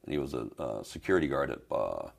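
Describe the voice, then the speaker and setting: Older male trainer from Spain, very deep and gravelly, halting storyteller. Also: sing-song. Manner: retells scenes with halting restarts and repeated words. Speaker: fitness trainer, podcast guest. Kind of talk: storytelling in an interview.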